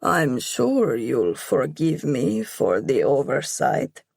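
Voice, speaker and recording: A calm, commanding young crime lord, voiced by a woman who keeps his words low and dry. His tone is mocking and unhurried, with a gravelly, husky edge. The recording is close and dry. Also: no room sound, exaggerated voice.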